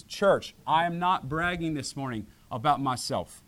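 Animated male pastor preaching. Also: fairly high pitch, measured pace. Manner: animated, acts out voices in quotes. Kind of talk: sermon.

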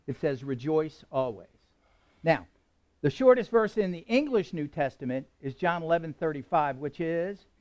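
A man's voice: on the high side, darkish tone. A man preaching a sermon to a congregation, speaking conversationally, asking questions and chuckling now and then. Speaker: pastor.

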